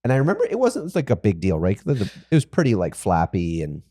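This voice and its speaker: A man with a low, mellow voice tells a job-site story in a relaxed, self-mocking way. He slips into livelier quoted lines now and then, and his talk stays casual and conversational. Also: fast. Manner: self-mocking, animated when quoting himself. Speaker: podcast co-host, builder.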